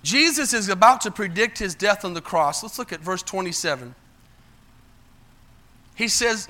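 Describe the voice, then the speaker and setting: A male pastor preaching a sermon, calling out asides to the congregation and swinging between loud emphatic bursts and low quiet lines. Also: lively intonation, normal speed, long pauses.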